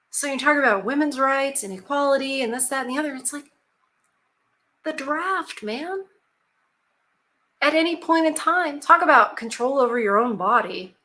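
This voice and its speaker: Chatty woman with a bright voice. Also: on the high side. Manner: chatty, with frequent asides and restarts; emphatic rhetorical questions. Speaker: channel host. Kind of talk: casual commentary and storybook reading.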